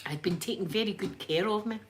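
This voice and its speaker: A woman with a Glaswegian accent chatting to live viewers in an animated way, a little breathless as she recovers from illness. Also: mid-range voice, brisk, a little hiss or hum. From Scotland. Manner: chatty, animated storyteller, reads out chat names. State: a bit breathless after illness. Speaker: livestream host. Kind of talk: casual chat with live viewers.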